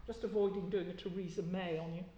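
A woman's voice: on the low side, steady tone, fast talker, mellow, dull audio, slight background noise. A woman giving an academic keynote lecture, with a wry, conversational delivery and occasional fillers. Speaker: keynote speaker. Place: lecture hall. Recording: echoey lecture hall.

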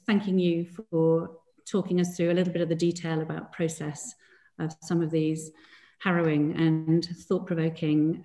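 A woman hosts a film talk in a formal, measured voice that is low and flat. Her voice carries some room echo. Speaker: event host. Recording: echoey room.

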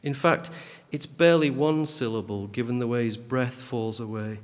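A man reading a literary critique aloud in a measured, dry, pedantic manner. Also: medium pitch. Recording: long hall reverb.

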